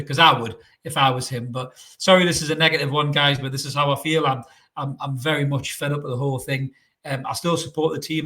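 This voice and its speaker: A man's voice: medium pitch, pushed and bright. A man ranting to camera as a football fan vlogger, frustrated and blunt, swearing freely and hammering his points with repetition. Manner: repetitive and emphatic. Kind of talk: solo opinion rant to camera.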